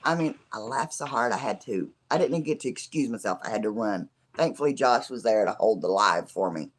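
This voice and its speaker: A middle-aged live stream host with a scratchy, hoarse voice, chatting casually with viewers and rambling with lots of fillers. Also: mid-range voice, animated, fairly quick. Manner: rambling, chatty, many fillers like "you know". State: hoarse from laughing.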